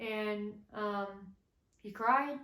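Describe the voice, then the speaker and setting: A young woman telling a personal story to the camera in a relaxed, chatty way, with plenty of fillers. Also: medium pitch, very slow. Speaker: vlogger co-host. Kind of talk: casual storytelling chat. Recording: roomy echo.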